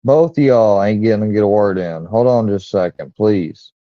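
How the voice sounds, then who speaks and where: A man hosting a live-stream panel, trying to calm a heated argument with halting, placating words. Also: fairly low pitch, no echo, muffled recording. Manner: halting, placating, repeats "hold on" and "well". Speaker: livestream host.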